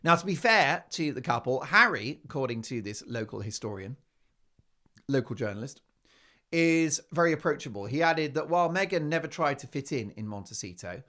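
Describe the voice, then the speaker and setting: A British man hosting a talk show, delivering a sarcastic, emphatic monologue that swings between loud and quiet. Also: medium pitch, animated, moderate pace. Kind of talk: opinionated monologue.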